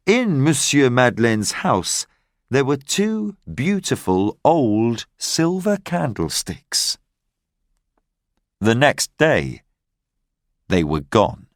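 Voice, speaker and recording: A man narrating a simple graded reader story in a clear, careful way. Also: mid-range voice, no echo, studio quality. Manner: slow, clear, carefully paced reading.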